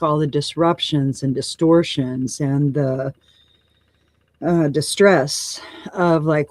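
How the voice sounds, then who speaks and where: Gentle meandering woman giving a spiritual reading. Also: low voice, no echo. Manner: meandering, repeats and restarts phrases while describing what she senses; gentle and affirming. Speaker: show host and oracle card reader.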